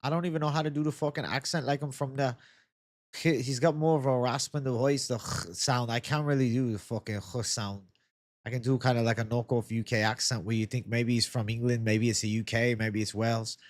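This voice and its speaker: A man's voice: medium pitch, fairly even intonation, normal speed, no room sound, clean studio sound. A young man hosting a casual MMA live stream, chatting loosely, answering viewer comments and swearing freely. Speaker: MMA YouTube host.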